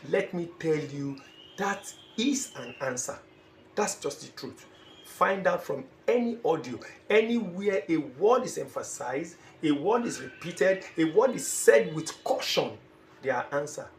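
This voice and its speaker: A man's voice: fairly high pitch, vocal fry. A man teaching an exam-preparation lesson. He speaks emphatically and repeats phrases, sometimes acting out short dialogues. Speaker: IELTS teacher. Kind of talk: classroom-style lecture. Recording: echoey room with faint ambient noise.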